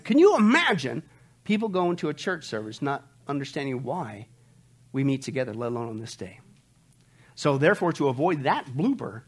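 A man preaching a sermon, joking with the congregation, reading funny lines aloud, laughing and shouting now and then. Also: on the high side. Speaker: pastor. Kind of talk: humorous sermon.

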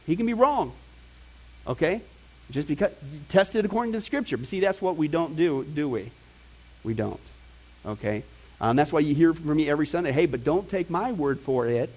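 A middle-aged man preaching and teaching in a conversational, animated way, with asides to the congregation. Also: a little high, a little fast, long pauses. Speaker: pastor teaching a Bible class. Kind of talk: sermon.

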